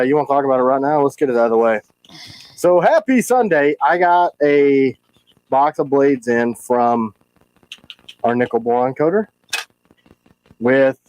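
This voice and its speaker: Animated man hosting a knife livestream. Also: mid-range voice, low-quality recording. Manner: animated, frustrated, quick asides. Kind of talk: casual livestream chat.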